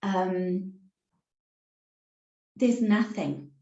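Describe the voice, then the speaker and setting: A woman relationships coach giving an online workshop presentation in a measured, deliberate way over a video call. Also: mid-range voice, steady tone, dark tone. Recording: roomy, slightly dull sound.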